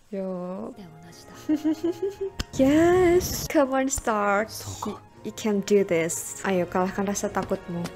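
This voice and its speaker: A young woman with an Indonesian accent reacting to an anime episode, excitable, mixing English with Indonesian and breaking into gasps and cheers. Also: medium pitch. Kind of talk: live reaction commentary.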